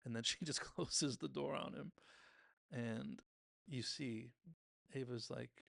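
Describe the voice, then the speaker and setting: Male podcast host, gravelly voice, chatty TV-recap delivery, dry close mic. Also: medium pitch, slow, a bit bright, no room sound. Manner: chatty, retells scenes by briefly mimicking characters' lines. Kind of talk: casual episode recap commentary.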